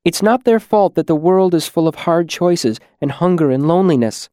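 An earnest young woman pleads for people she cannot help but pity, as a male narrator puts her on. Her voice sits a little above his own, close and dry, firm beneath the gentleness. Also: a little high, expressive, brisk, clean tone, dry recording, pitched above the performer's own voice, lightly acted. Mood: pleading.

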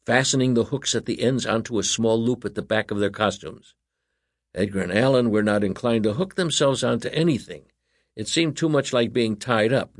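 A man reading a children's story aloud as narrator, in an animated, expressive way. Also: fairly low pitch, no room sound, studio quality.

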